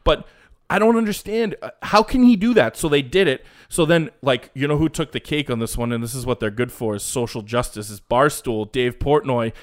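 A man co-hosting a casual sports podcast, rambling and animated, with restarts and mocking asides. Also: mid-range voice, brisk. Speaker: podcast co-host.

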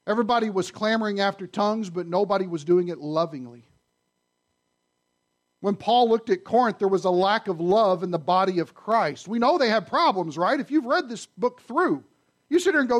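A man preaching a sermon to his congregation, conversational and animated, often asking the audience questions. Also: high voice, normal speed. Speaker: pastor. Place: church sanctuary.

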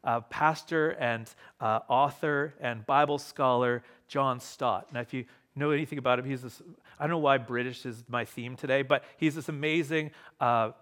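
A man preaching a sermon as pastor to a live congregation in church, emphatic, repeating key phrases and shifting pace and loudness. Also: mid-range voice, steady tone, moderate pace.

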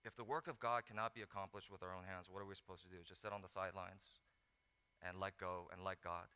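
A man preaching a sermon, telling the story with lively acted-out asides. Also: sits low, fast, smooth. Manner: animated storytelling, acts out disciples in mock voices. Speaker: pastor. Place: large hall. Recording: echoey hall.

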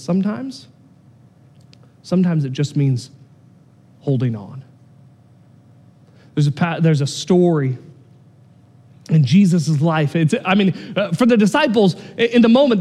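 A man preaching a sermon as pastor, animated and swinging between loud excitement and quiet, earnest intensity. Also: high voice, long reverb tail.

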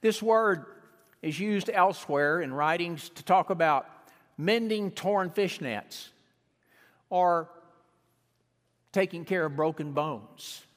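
A man preaching a sermon, emphatic, slowing down to stress key words and rising on repeated phrases. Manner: emphatic preaching with sweeping pitch and slowed stresses. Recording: long hall reverb.

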